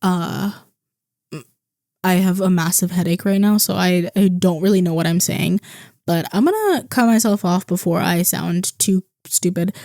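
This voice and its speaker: A woman's voice: mid-range voice, a little mellow, no echo. Young woman rambling about a movie on her channel, tired, lots of likes and ums, dry close sound. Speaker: vlogger. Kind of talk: casual rambling movie review.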